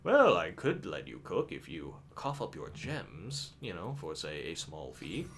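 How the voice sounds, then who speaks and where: A man voicing a greedy male merchant who haggles for a fee, in a low, sly murmur. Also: huge pitch swings, a little slow, gravelly, a little hiss or hum, heavily acted.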